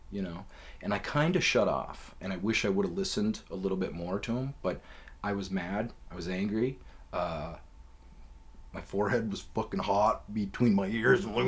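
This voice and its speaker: Man, fairly low voice, casual storytelling, profane, rambling, lots of fillers. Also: moderate pace. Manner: profane, loose and conversational with many fillers. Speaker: podcast host.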